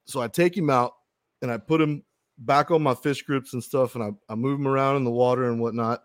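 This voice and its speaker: A man hosts a fishing podcast and tells a long story in loose, casual chat. He rambles, restarts, and swears freely. His voice sits at a medium pitch, recorded dry and close. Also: steady tone, a little fast, no room sound. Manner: rambling, profane, with frequent restarts.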